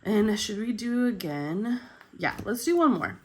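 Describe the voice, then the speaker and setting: A woman talks to her viewers in an upbeat, chatty way. Her voice is husky from the morning and a cold coming on, and it sits at an ordinary middle pitch. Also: sing-song, a little slow, a little mellow, slight background noise. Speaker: budgeting channel host. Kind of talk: casual chat.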